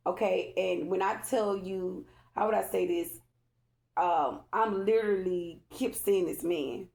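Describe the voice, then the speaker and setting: Her voice sits on the low side, creaky and a little mellow, as this tarot card reader walks viewers through a relaxed spiritual reading. She repeats herself often, speaks emphatically in loose everyday phrasing, and keeps checking in with "okay?"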